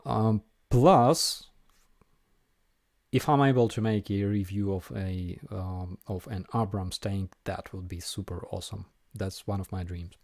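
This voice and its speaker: A man with a Ukrainian accent hosting a casual live Q&A, answering viewer questions in an unhurried way with frequent ums and dry jokes. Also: low-pitched, fairly even intonation, a little mellow, no room sound. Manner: unhurried, frequent ums and uhs, dryly joking.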